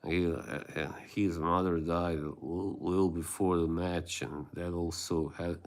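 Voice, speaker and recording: A man's voice: deep voice, flat delivery, measured pace. A man hosting a livestream, rambling in casual chat with his viewers and laughing often. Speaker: livestream host.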